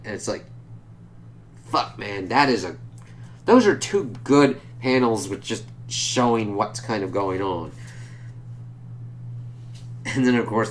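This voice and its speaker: A man casually recapping a comic book issue, loose and profane, jumping up in pitch whenever he quotes a character. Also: a little hiss or hum. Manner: loose and profane, jumps higher when quoting characters.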